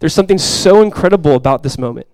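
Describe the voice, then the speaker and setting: A male pastor delivers a sermon in a fairly high voice, captured close and dry with little room sound. He preaches with passion, rising to loud, urgent lines and then falling back to a soft, quiet delivery. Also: animated, fast, dry recording. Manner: impassioned preaching, swells loud for quoted cries then drops soft. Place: church sanctuary before a congregation.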